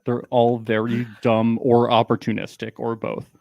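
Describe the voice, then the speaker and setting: A man's voice: mid-range voice, monotone, moderate pace, gravelly, darkish tone, no room sound, muffled recording. A man co-hosting a casual recap podcast, joking and rambling with lots of fillers. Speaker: podcast co-host.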